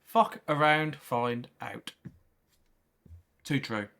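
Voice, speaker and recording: A man with a fairly high, bright voice rants over clips on a livestream. His pitch swings up and down as he fires off rhetorical questions and swears freely. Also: normal speed, pauses often. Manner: animated, profane rhetorical ranting. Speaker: livestream commentator.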